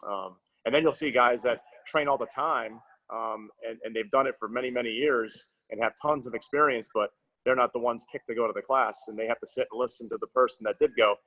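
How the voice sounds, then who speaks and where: A man hosting a casual podcast interview, talking quickly at an ordinary middle pitch. He rambles and restarts his phrases, piling up fillers as he goes. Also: steady tone, bright, forceful tone, rough recording. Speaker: podcast host.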